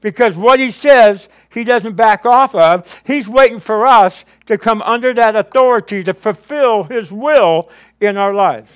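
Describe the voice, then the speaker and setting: A man with a high, light voice preaches to his congregation. He tells his story with lively, animated storytelling and acts out his past conversations with God. He keeps turning to the room with quick questions. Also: clean tone. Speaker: pastor. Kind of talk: sermon.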